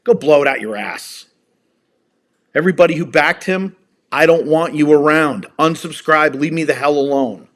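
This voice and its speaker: Male livestream host at home in an angry, profane rant, slightly high-pitched voice. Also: normal speed. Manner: heated, profane, emphatic.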